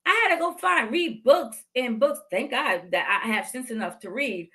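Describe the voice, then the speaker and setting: A woman's voice: a little high, animated, moderate pace, a bit bright. A woman in her fifties hosting a podcast, giving heartfelt motivational faith talk and repeating phrases for emphasis. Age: 50s. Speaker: podcast host.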